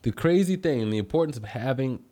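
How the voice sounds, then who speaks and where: A man's voice: medium pitch, expressive, quick pace. Upbeat man greeting livestream viewers. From United States. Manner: upbeat shout-outs, rambling asides. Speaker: livestream host.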